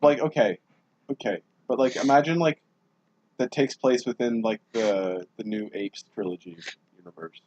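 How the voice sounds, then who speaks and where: A man's voice: medium pitch, moderate pace, a little mellow, no room sound. A young man chatting casually on a podcast, teasing and laughing easily, with dull, lo-fi sound. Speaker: podcast co-host. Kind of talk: casual chat.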